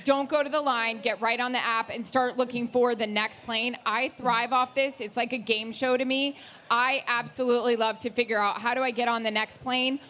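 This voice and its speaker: An excitable woman co-hosts a live podcast on stage. She hands out blunt, direct advice in short bursts. Her voice sits a little high. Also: normal speed, a little hiss or hum. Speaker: podcast co-host.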